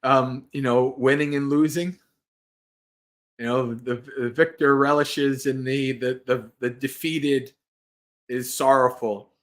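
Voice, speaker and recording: A man's voice: mid-range voice, steady tone, takes it slowly. A man who is a Buddhist monk, hosting a livestream and giving a casual Dharma talk, earnest and rambling, restarting his sentences and laughing lightly.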